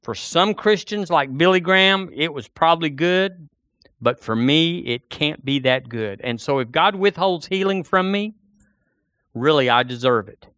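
Male pastor preaching a lively sermon in church, dry close sound. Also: on the high side, unhurried, no room sound. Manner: animated preaching, acts out a doubter's inner voice.

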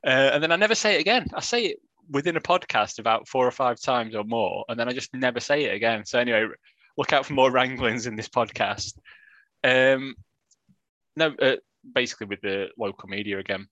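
A man's voice: mid-range voice, a little fast, pushed and bright, no echo, low-quality recording. A man co-hosting a podcast, talking in a loose, rambling way with wry, self-deprecating asides. His voice sits in a middle register and is recorded close and dry, with no room sound around it. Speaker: podcast co-host. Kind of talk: casual chat.

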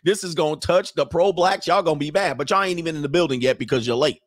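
A man hosting a casual live commentary stream, loud and joking, with slangy asides and drawn-out exclamations. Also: on the high side, no echo, studio quality. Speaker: livestream commentary host.

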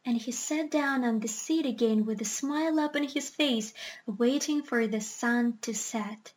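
A woman narrating a children's storybook in a clear, even manner. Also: high-pitched. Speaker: audiobook reader.

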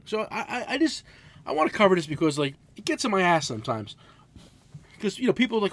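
A man in his forties co-hosting a casual podcast, telling loud, profane stories. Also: sits high, sing-song, fairly quick. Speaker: podcast co-host, mechanic.

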